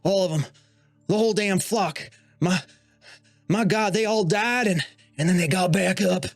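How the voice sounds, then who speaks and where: A man voicing a short, stout gnome man who is frightened but determined, speaking in a rough rural drawl and stammering. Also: sits high, unhurried, dry recording. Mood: shaken.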